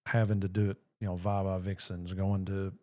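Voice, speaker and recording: Low-ish voiced guy cohosting a podcast, rambly, lots of restarts. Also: flat delivery, a little fast, warm tone. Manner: rambling, restarts, many "you know"s. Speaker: podcast co-host. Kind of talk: casual podcast chat.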